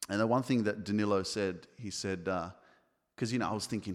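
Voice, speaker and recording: Brief: man, podcast host, lowish voice, blunt and profane, rambling delivery, long reverb. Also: a little fast. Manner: blunt, swears freely, many fillers and restarts. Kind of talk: casual motivational monologue. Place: home office.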